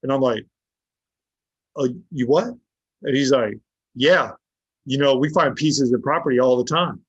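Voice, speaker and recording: A man's voice: mid-range voice, unhurried, husky, no room sound. Blunt, profane man telling a story. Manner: blunt, heavy swearing, acts out quoted dialogue. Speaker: podcast guest. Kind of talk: casual storytelling. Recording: dull lo-fi dry sound.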